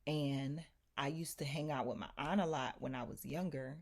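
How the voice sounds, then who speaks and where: Low-voiced woman telling a story. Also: normal speed. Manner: animated, emphatic, addresses viewers directly. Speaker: vlogger. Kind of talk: casual storytelling to viewers.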